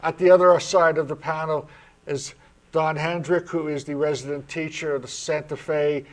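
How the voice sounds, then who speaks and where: A man with a New York accent hosts a spiritual talk show, introducing his guests in a friendly, chatty way. His voice sits somewhat high for a man, and he sounds earnest and easygoing. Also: little pitch movement, moderate pace. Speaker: host.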